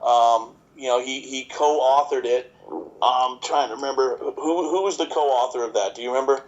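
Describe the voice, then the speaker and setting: A man's voice: mid-range voice, moderate pace. A man in his fifties rambles through his answers in a podcast interview. He jokes and restarts his sentences often, leaning on fillers. The audio is a little dull and lo-fi. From New York. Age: 50s. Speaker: chiropractor guest.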